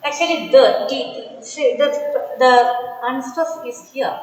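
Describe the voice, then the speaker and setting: A woman teacher giving an online poetry lecture, slow and deliberate, often repeating and restating her words. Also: high voice, very echoey, long reverb tail, rough recording.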